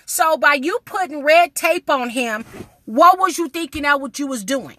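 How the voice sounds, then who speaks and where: A woman's voice: high-pitched, expressive, normal speed, sharp tone. A woman, ranting to her camera in a blunt, indignant vlog full of swearing. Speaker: vlogger. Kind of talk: casual vlog rant to camera.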